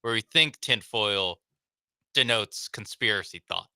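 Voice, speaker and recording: A male radio co-host with a somewhat low voice but a very sharp, bright tone, teasing his partner dryly. The studio sound is dry and close. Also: a little slow, clear, resonant tone, no room sound. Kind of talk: casual sports talk radio.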